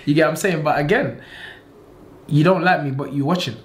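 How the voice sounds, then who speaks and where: Speaking in a fairly high pitch, this man from England manages and trains boxers and is giving a relaxed interview. He gets animated, breaks into laughter readily, and says things twice to drive them home.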